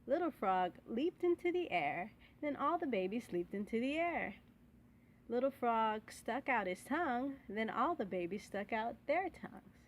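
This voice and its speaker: A woman reading children's bedtime stories aloud in a clear, expressive way. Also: a little high, slight background noise. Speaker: storyteller.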